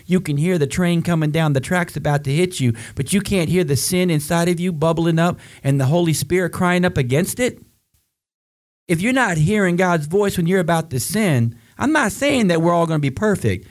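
A man's voice: lively intonation, normal speed. Fervent male preacher. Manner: fervent, rhetorical tag questions, rises high for emphasis. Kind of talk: sermon.

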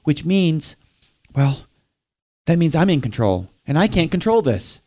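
Guy preaching a sermon, kinda high voice, keeps asking the crowd stuff. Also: big pitch swings, a little slow, dark tone. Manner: direct, asks the listeners questions.

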